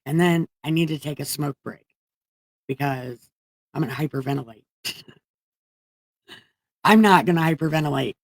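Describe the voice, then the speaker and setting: A woman's voice: low-pitched, creaky, darkish tone, no echo, poor audio. A woman reading the Bible on a livestream in a comedic, casual way, irreverent and profane, chatting with viewers.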